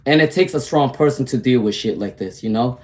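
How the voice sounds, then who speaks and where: A man's voice: medium pitch, lively intonation, a little fast, a little mellow. A man doing a casual livestream tarot reading, talking in a slangy, candid way, greeting viewers by name and repeating his phrases. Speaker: tarot reader.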